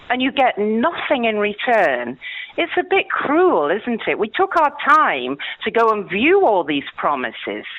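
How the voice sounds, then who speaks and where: An older woman calls a radio phone-in. She is chatty and indignant, a little nervous. Her pitch swings a lot, and the sound is thin and phone-like. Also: no room sound. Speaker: caller. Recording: tinny phone line.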